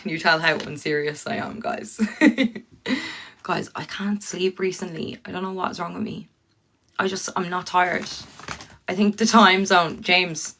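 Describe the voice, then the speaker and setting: A woman's voice: fairly low pitch, fairly bright tone, slight background noise. An Irish woman ranting bluntly to her viewers on a livestream, swearing freely and talking straight to them.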